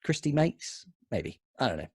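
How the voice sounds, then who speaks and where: A man's voice: medium pitch, sing-song, normal speed, husky, no room sound, studio quality. A man co-hosting a casual podcast, reading comments aloud with swearing and a lot of ums. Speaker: podcast co-host. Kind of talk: casual chat.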